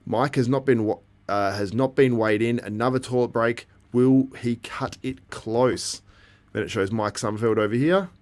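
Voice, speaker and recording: A man with a mid-range, darkish voice talks a little fast, barely pausing. Hosting a casual live stream, he chats with viewers, reacts to the live feed and chat as things happen, and laughs frequently.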